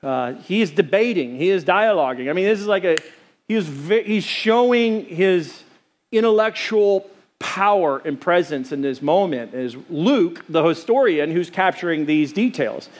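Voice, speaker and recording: A middle-aged man preaching a sermon in church, animated and joking, acting out little scenes. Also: sits high, measured pace. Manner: animated, joking, acts out quotes. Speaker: pastor. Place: church sanctuary.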